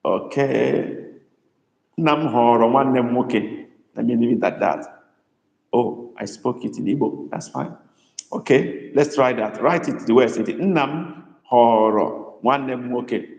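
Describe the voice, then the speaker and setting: A man teaching a live online language class, patiently repeating phrases slowly for his students. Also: mid-range voice, creaky, darkish tone, dull audio. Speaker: Igbo language tutor. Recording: echoey room with long reverb.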